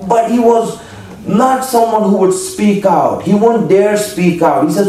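A man's voice: high voice, measured pace, dark tone, recorded from a distance. A man preacher telling a story in a sermon, emotional and dramatic, acting out quoted speech. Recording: echoey hall, voice from afar, faint noise.

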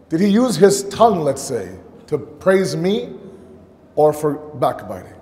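A man's voice: on the high side, darkish tone. A man giving a sermon at a mosque, telling a story and acting out the dialogue, with rhetorical questions for the congregation. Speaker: preacher. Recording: long hall reverb.

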